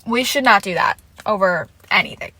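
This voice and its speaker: Bright-voiced woman ranting on a podcast. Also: mid-range voice, normal speed, no echo. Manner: rambling, heavy use of "like", frequent swearing; animated and emotional fan venting. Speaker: podcast host. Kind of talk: casual solo podcast chat.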